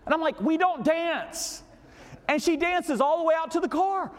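A middle-aged man preaching a sermon as a story, swinging from hushed, low passages to loud, excited ones. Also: fast. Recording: long reverb of a large hall.

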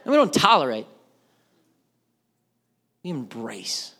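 A man's voice: mid-range voice, huge pitch swings, slow, gravelly, bright, forceful tone. A male pastor preaching a casual, conversational sermon with jokes and acted-out voices. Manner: conversational, joking, acts out voices.

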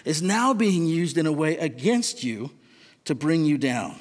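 A man's voice: on the high side, big pitch swings, measured pace. A man preaching a sermon in an earnest, questioning, conversational way. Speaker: pastor. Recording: long reverb of a large hall.

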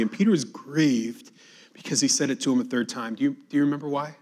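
Male preacher, mid-pitched voice, moves between emphatic scripture reading and hushed reflection. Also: fast talker. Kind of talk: sermon reading and expounding scripture.

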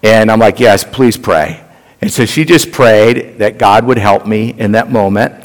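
A man's voice: lowish voice, moderate pace, long reverb tail, low-quality recording. A middle-aged man preaching a sermon. He tells a personal story in a conversational way and speaks directly to the congregation. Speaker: pastor.

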